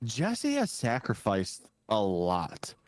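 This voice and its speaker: A man's voice: on the low side, wildly swooping pitch, takes it slowly, dry recording. A man co-hosting a podcast, talking casually and emphatically, swearing and retelling scenes. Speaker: podcast co-host. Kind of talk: casual recap chat.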